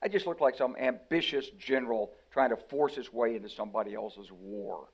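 Older American man, retired-general guest, lively storyteller who acts out quotes. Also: medium pitch, fairly quick, vocal fry, slightly rough. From United States. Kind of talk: conversational interview.

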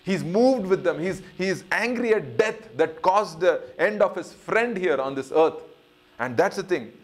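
A man giving an earnest Bible study, repeating phrases for emphasis and building up on key points before dropping soft at the ends of lines. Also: fairly high pitch. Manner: rises and swells on key points, drops soft at line ends. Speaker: Bible teacher.

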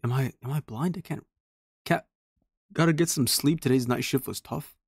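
A man's voice: mid-range voice, normal speed, slightly rough, dry recording, studio quality. A man streaming a horror game, talking casually to himself and reading the game's text aloud as he plays. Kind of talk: casual let's-play commentary.

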